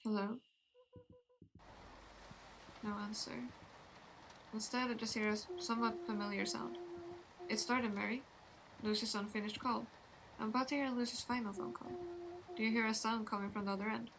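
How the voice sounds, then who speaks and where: A woman streamer reading game dialogue aloud, slow and deliberate, voicing each character in turn. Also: a little high, steady tone, background noise. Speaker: VTuber streamer. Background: game music.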